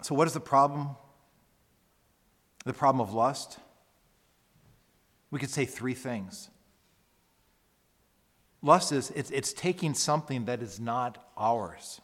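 Male pastor, emphatic sermon delivery, slow measured pace, long church reverb. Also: medium pitch, fairly bright tone. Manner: earnest, emphatic preaching with repeated phrases.

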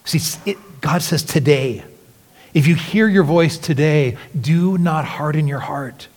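A man preaching a sermon as pastor, earnest, dropping to hushed lines and then rising with emphasis. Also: fairly high pitch, takes it slowly. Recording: long hall reverb.

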